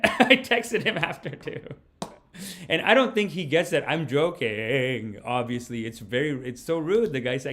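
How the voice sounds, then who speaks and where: Rambling comedian telling stories. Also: male voice, fairly high pitch, a little fast. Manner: animated, rambling, laughs mid-story. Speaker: comedian podcast host. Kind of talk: casual storytelling.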